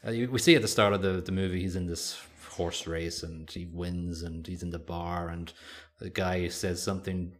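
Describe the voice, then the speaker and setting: A man's voice: low-pitched, steady tone, normal speed, hardly any pauses. A man co-hosting a podcast, chatting casually about a movie and rambling with lots of fillers and restarts. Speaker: podcast co-host. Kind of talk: casual movie review chat.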